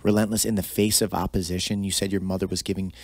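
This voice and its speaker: A man's voice: low-pitched, level tone, fast, darkish tone. A man hosting an interview, asking long, meandering questions full of "like" and "you know.". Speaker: podcast host.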